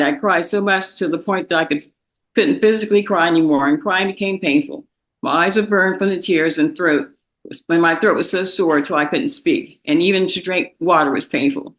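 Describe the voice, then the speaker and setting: A woman's voice: on the low side, fairly bright tone, echoey room, rough recording. Tearful young woman in court. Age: young adult. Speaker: victim's daughter. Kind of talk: reading a victim impact statement in court.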